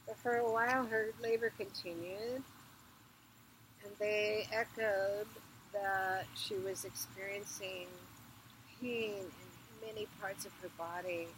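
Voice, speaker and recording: A woman storyteller telling a myth in a slow, repetitive, chant-like way at an outdoor fire circle. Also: mid-range voice, fairly bright tone, a little hiss or hum, low-quality recording.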